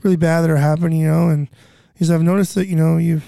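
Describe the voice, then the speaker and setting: A man's voice: fairly high pitch, level tone, fast, gravelly, dark tone, no echo, studio quality. A man in his thirties telling stories from relief work in a casual chat, rambling with lots of fillers and swearing. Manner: rambling, many "you know" fillers, swears. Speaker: guest, disaster relief cook.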